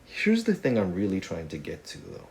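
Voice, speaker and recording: Joking low-voiced man teaching Spanish. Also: wildly swooping pitch, normal speed, darkish tone, a little hiss or hum. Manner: joking, conversational, asides. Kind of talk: casual video lesson.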